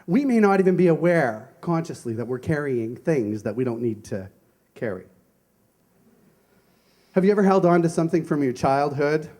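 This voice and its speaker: A man preaching as a minister on Sunday shares personal anecdotes and rhetorical questions in a conversational sermon. His voice is a little high and darkish in tone, with a sing-song lilt at a moderate pace.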